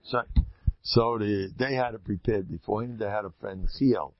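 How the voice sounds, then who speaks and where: A man's voice: lowish voice, normal speed, dry recording. Male speaker teaching with jokes and questions to the audience; dry, slightly dull recording. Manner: animated storyteller, quizzes listeners, mixes Hebrew and Yiddish terms. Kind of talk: humorous religious lecture.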